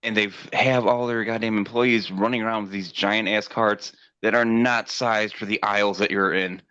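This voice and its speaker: A man's voice: on the low side, steady tone, moderate pace, sharp tone, clear, resonant tone, dry recording, muffled recording. A middle-aged man co-hosting a podcast, chatting casually and ranting with profanity, acting out voices in his stories. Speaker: podcast co-host. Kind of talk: casual chat.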